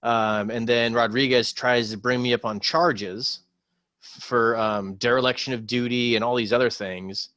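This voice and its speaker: A man, a former Marine, telling a war story in casual podcast chat, rambling with many pauses and swearing freely. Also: medium pitch, fairly even intonation, bright, forceful tone, no room sound.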